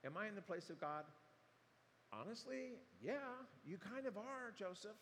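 A male pastor delivers a sermon, retelling the story animatedly and acting out the quotes. His voice sits fairly high for a man. The sound carries a long hall reverb over a faint room hum. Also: animated, moderate pace, a bit bright.

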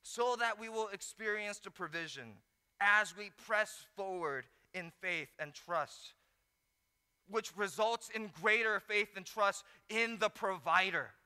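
A man preaching a sermon, telling the story with lively acted-out asides. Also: high-pitched, a little slow, clean tone. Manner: animated storytelling, acts out disciples in mock voices. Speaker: pastor. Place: large hall. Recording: echoey hall.

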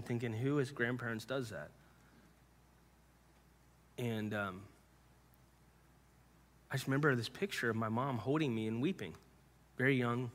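Long hall reverb surrounds this medium-pitched preacher as he gives his heartfelt testimony. His speech stumbles and circles back on repeated words, occasionally falling to a hush.

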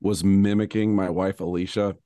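Hoarse-ish guy with a lowish voice, rambles and laughs thru stories, dry close sound. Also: little pitch movement, moderate pace, dark tone, no echo. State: slightly hoarse. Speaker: podcast co-host. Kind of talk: casual podcast chat.

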